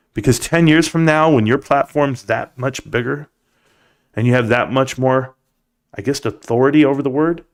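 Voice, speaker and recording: A man hosting a live stream, giving a preachy, animated pep talk and reading chat comments aloud. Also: medium pitch. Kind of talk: casual live stream monologue.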